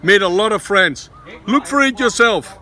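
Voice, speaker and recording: A man's voice: high voice, expressive, normal speed, pushed and bright. A man with a Dutch accent, a vlogger father chatting casually and teasingly, often tagging his lines with "eh?". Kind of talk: casual family vlog chat. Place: outdoors at a busy school.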